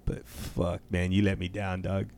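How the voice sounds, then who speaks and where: A man's voice: low voice, level tone, unhurried, vocal fry, a little mellow, slight background noise. A man co-hosting a podcast, telling a story in casual chat, swearing constantly, laughing often and calling his friend bro. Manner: profane, laughing, says bro a lot. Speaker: podcast co-host.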